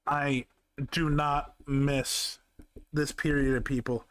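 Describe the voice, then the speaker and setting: Male streamer for casual chat: takes his time, smooth clean tone, blunt profane asides. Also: fairly high pitch, little pitch movement, slow pace, a bit bright, no room sound. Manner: candid, profane asides with many fillers. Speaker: streamer reacting to a video.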